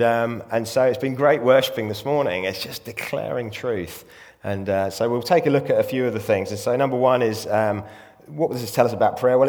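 Man, sermon, chatty preaching, rhetorical questions, low voice. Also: big-room sound. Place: church.

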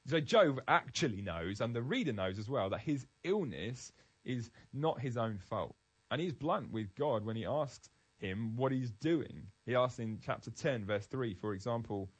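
A man's voice: medium pitch, animated, measured pace, husky, low-quality recording. A man giving an earnest, emphatic devotional Bible talk, restarting phrases as he goes. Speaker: Christian speaker.

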